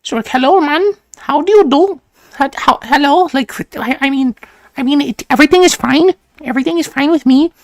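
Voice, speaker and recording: A man putting on a halting, high-voiced accented woman. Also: dry recording, clean studio sound. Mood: polite. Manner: halting, polite, high-pitched. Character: woman speaking with a heavy foreign accent.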